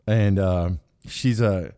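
A man's voice: deep voice, takes it slowly, warm tone. A man in his forties from Kansas, hosting a casual podcast and chatting with guests on a remote call in a joking, rambling way full of restarts. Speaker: podcast host.

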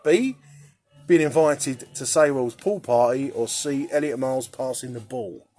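A man's voice: medium pitch, fairly even intonation, moderate pace, a little mellow. A young man hosting a casual quiz for his football teammates, cheeky and sweary, laughing often. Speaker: quiz host for a football team. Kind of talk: casual banter.

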